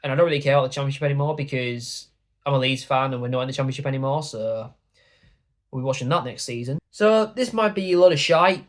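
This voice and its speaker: A man's voice: mid-range voice, quick pace. A young man from York, giving football predictions in a sweary, rambling, blunt rant. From York, England. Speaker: YouTuber.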